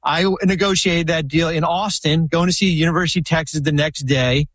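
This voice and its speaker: This man speaks at a fairly high pitch with a steady tone, a fairly quick pace and a slightly bright quality, and there's no echo. A former basketball team executive guesting on a podcast, he tells long, rambling anecdotes full of restarts and fillers in a casual storytelling chat.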